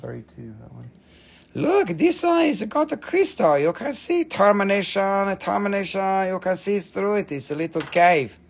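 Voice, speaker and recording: Excitable, higher-pitched man selling crystals. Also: normal speed, creaky. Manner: excitable, swearing, playful, non-native phrasing. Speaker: live sale host. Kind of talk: live-stream crystal sale.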